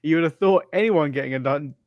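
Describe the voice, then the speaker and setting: A man's voice: fairly high pitch, quick pace, darkish tone, dry recording, highs cut off. A man hosting a live stream, giving offhand running commentary and laughing often as he chats. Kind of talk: casual wrestling watch-along chat.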